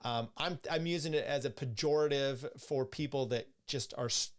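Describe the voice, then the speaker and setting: A man's voice: medium pitch, moderate pace. Blunt, rambling male podcast host. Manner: rambling and blunt, with frequent restarts and profanity. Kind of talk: political commentary, reading articles and chat questions.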